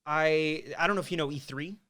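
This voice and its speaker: A man's voice: on the high side, fairly quick, pushed and bright. A man in his thirties from Quebec, a guest telling his story in a rambling, candid way and swearing freely. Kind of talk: casual storytelling interview.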